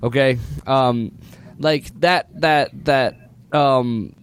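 A man's voice: medium pitch, fairly even intonation, very slow, a little hiss or hum. A man co-hosting a casual movie review chat, talking animatedly, laughing often and acting out mock quotes. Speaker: podcast co-host.

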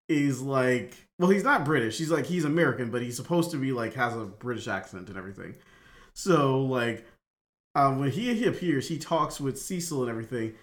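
A man chats on a podcast in a loose, rambling way, circling back on his words before landing a point. His voice has an everyday middle pitch. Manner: rambling, many fillers and restarts, laughs at himself. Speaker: podcast co-host. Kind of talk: casual podcast discussion.

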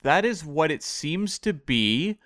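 A man co-hosting a casual podcast, talking in a thoughtful, measured, hedging way. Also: fairly high pitch, very animated, fairly bright tone, no room sound, clean studio sound. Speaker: podcast co-host. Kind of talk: casual discussion of a TV episode.

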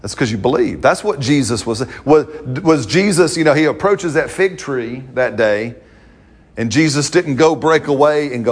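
A man preaching a sermon with a slightly husky voice. He talks to the congregation in a loose, conversational way, acting out little quotes and laughing as he goes. His pitch sits in the middle range. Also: lively intonation, moderate pace.

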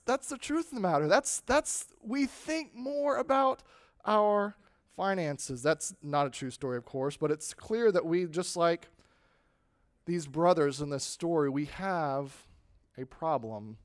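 A man preaching a sermon as pastor, stressing points loudly and letting phrases fall away quietly. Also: on the high side, no echo, clean studio sound. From United States. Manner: emphatic, swings between loud stress and quiet endings.

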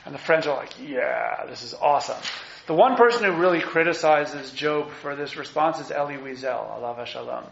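A man giving a lively, conversational lecture on scripture and acting out the quotes, in a muffled, echoey room recording. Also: a little high, fairly quick, creaky, few pauses. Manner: animated, conversational, acts out quotes. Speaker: teacher.

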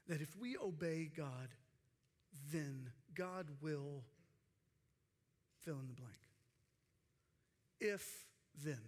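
A man preaching a sermon with passion, acting out quoted cries and dropping to hushed tones for emphasis. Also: on the high side. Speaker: pastor.

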